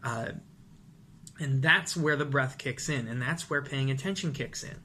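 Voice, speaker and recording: A man teaching presentation skills to camera, animated and demonstrative, sometimes acting out rushed nervous speech. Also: medium pitch, slight background noise. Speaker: vocal and presentation coach. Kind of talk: instructional talk to camera.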